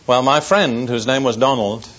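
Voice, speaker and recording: An older male pastor preaches to a gathered congregation, weaving a personal wartime story with dry wit before turning to solemn warnings. His voice sits at a middle pitch. The recording is dull and lo-fi. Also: normal speed, a bit bright. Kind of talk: sermon testimony. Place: church service before an audience.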